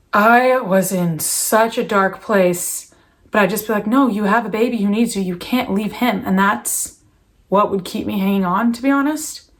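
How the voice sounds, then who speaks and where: A young woman speaking in a candid, confessional vlog, her voice at an ordinary middle pitch. She talks earnestly and openly, with frequent fillers and restarts. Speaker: vlogger, new mother.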